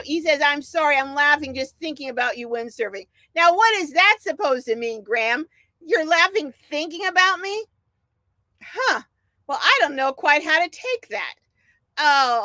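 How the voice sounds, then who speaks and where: Recorded dry, a middle-aged woman whose voice runs a little high reads chat comments aloud while hosting an informal livestream. She's lively and talkative, laughing frequently as she goes.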